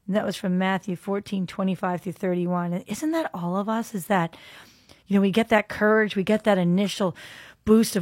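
A woman's voice: medium pitch, normal speed, creaky, dry recording, studio quality. A woman hosting a faith podcast, reading scripture and musing in an earnest way, at times dropping into a whisper. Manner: earnest, musing aloud, shifts into soft whispers. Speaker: podcast host.

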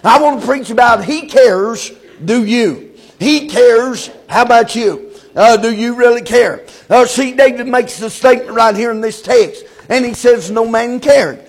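A man preaching a sermon, in a chanting cadence full of "uh" fillers, sometimes shouting. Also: very high-pitched, unhurried.

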